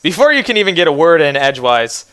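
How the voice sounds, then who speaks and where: A man's voice: a little high, very animated, quick pace, a bit bright, smooth. A young man narrating as game master in a tabletop game, laughing often as he narrates.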